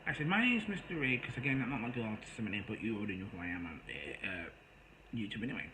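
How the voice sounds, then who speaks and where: A man's voice: on the low side, animated, very fast, background noise. A man telling a rambling, exasperated story in a casual monologue to his viewers. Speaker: storyteller vlogger.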